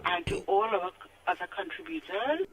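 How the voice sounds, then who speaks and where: A woman's voice: mid-range voice, very animated, moderate pace, low-quality recording. A woman calling into a radio show, formally reading out greetings and thanks. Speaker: caller.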